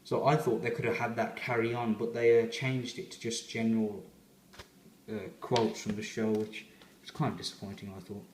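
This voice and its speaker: A man's voice: fairly low pitch, flat delivery, normal speed, reverberant, a little hiss or hum. A man giving a rambling, chatty fan review as he unboxes a collector's set.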